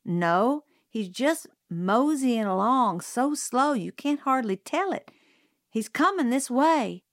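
A woman's voice: a little high, animated, slow pace, no room sound, studio quality, pitched above the performer's own voice. A woman doing an eager, insistent young boy. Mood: urgent. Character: anxious, mulish young boy.

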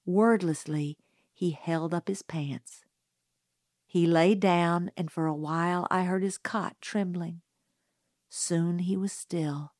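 Slow, low-voiced woman narrating a novel. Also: fairly even intonation, a little mellow, no echo, clean studio sound. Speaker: audiobook narrator. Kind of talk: scripted first-person narration.

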